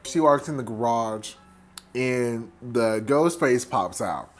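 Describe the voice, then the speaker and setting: A tipsy man retelling a horror film as a comedy recap, animated and profane, jumping into quick impressions of the characters. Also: medium pitch. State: tipsy from wine. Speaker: host.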